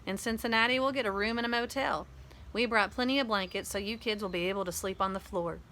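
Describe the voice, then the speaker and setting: A woman's voice: mid-range voice, fast talker, bright, forceful tone, slight background noise. A woman reading a storybook aloud, voicing a practical mother of three who lays out a trip plan in an orderly way. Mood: matter-of-fact.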